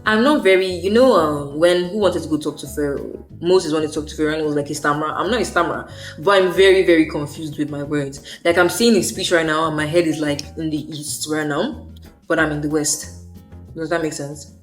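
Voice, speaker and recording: A woman's voice: sits low, fairly quick, soft background music. Chatty young woman vlogging about faith. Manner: chatty, rambling, slangy. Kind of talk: casual faith vlog monologue.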